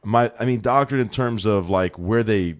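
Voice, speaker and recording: A young man co-hosting a sports podcast in a small studio, talking in an excitable, animated way and calling his partner bro. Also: lowish voice, moderate pace. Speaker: co-host. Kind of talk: casual sports talk.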